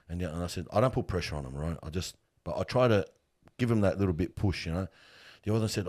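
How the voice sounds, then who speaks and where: A middle-aged man who works with funerals races through earnest, animated stories in a casual interview, often addressing the listener as "bro." His voice sits low and is slightly rough.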